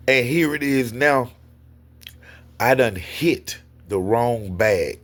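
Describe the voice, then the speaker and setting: A man telling a personal story in a casual, animated way, often turning to his listeners. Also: mid-range voice, breathy edge. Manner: animated, addresses listeners as y'all. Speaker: storyteller guest.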